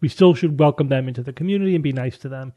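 A man's voice: mid-range voice, racing, lo-fi sound. A man co-hosting a podcast, talking in a thoughtful, hedging way with fillers. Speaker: podcast co-host. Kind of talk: casual chat.

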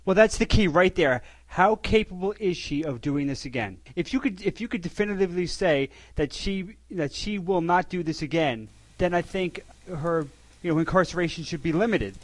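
High-voiced man making reasoned points. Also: expressive, moderate pace, few pauses, dry recording. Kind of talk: casual podcast panel talk.

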